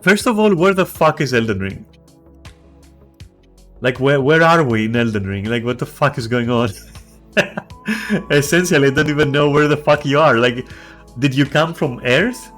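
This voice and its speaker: A man's voice: mid-range voice, animated, moderate pace, pauses often, fairly bright tone, soft background music. A man on a game stream, ranting in casual chat, swearing a lot and restarting his sentences.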